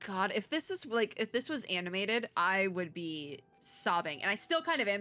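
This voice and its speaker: A woman streaming a let's play, reading the game's lines and then spilling into tearful, laughing, rambling reactions. Her voice is bright and ringing at a middle pitch, with soft game music under it. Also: very animated, moderate pace, few pauses, dry recording. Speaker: VTuber let's play host.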